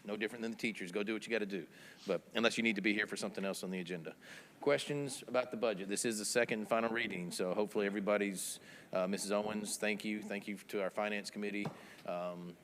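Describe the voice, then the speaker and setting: A man's voice: on the low side, steady tone, fast talker, fairly bright tone, big-room sound, slight background noise. A man chairing a town board meeting as mayor, rattling through motions and votes.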